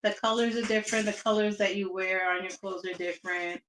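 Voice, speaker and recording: A woman's voice: medium pitch, fairly even intonation, fairly quick, a bit bright, roomy sound, a little hiss or hum, poor audio. A woman from Southern California, a guest in a casual interview, telling stories in a chatty, reflective way with restarts.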